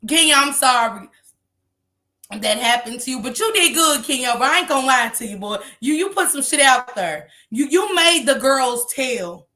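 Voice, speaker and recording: A woman hosts a casual commentary livestream, laughing and gossiping with profane energy. Her voice sits high and sounds bright and sharp. She rambles, apologizes, and keeps cracking herself up. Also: lively intonation, normal speed. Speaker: livestream host.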